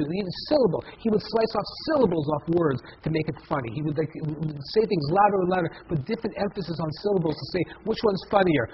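A man's voice: fairly high pitch, quick pace, few pauses, muffled recording, a little hiss or hum. A man in his fifties, a guest in a casual interview, talking in a rambling way with many restarts and repeated words. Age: 50s. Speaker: guest, comedy festival head.

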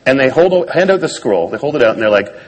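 A man's voice: mid-range voice, sing-song, fast talker, slight background noise, rough recording. A man on stage telling a personal story to an audience in a wry, self-deprecating way. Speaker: speaker giving a talk.

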